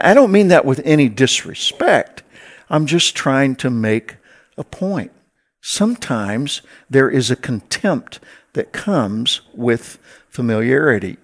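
Conversational male pastor preaching. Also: medium pitch. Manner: conversational, with wry asides to the congregation. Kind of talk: sermon.

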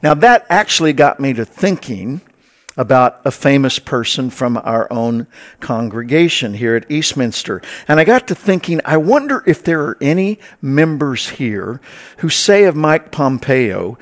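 A man's voice: mid-range voice, very animated, unhurried. Conversational male pastor preaching. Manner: conversational, with wry asides to the congregation. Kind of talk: sermon.

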